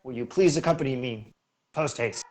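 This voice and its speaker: A man's voice: medium pitch, moderate pace, a little mellow, close to an everyday voice. A man voicing a prim, pompous male gnome chauffeur in a tabletop game, speaking in stuffy, formal old-fashioned phrasing. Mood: courteous. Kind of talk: tabletop role-play voice.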